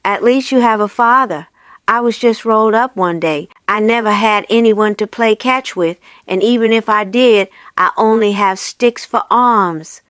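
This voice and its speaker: A woman voicing an awkward, gentle male snowman in a storybook reading, plaintive and chatty. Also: mid-range voice, measured pace, clean tone, dry recording, clean studio sound, close to an everyday voice. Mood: wistful.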